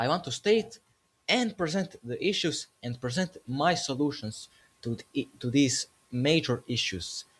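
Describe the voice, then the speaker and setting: A man making a casual gaming commentary video, joking as he goes and correcting himself mid-sentence. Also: mid-range voice.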